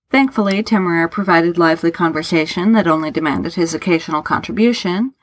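A woman reading a story aloud in a steady, measured narration. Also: fairly low pitch, no room sound. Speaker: audiobook narrator.

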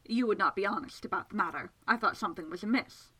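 A woman's voice: medium pitch, quick pace, sharp tone, breathy edge, no room sound, rough recording. A woman voicing a reserved, composed man in an audiobook, speaking in a restrained, dry way.

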